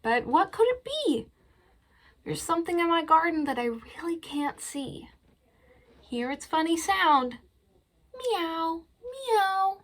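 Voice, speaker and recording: This is a woman leading a children's library storytime, seated in front of a camera. Her voice sits a little high and she takes her time, shaping every line in a gentle sing-song. She leads rhymes and animal-sound games for young listeners. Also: expressive, measured pace. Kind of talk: reading aloud and leading songs for young children.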